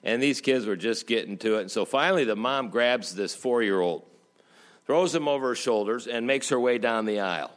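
Folksy pastor preaching a sermon. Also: male voice, medium pitch. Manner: folksy storytelling with jokes, slows down for emphasis. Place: church.

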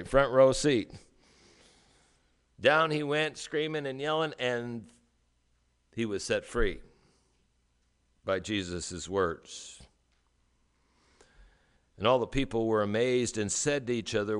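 A man preaching a sermon as a pastor, emphatic, with rhetorical questions and dramatic pauses. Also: medium pitch, smooth.

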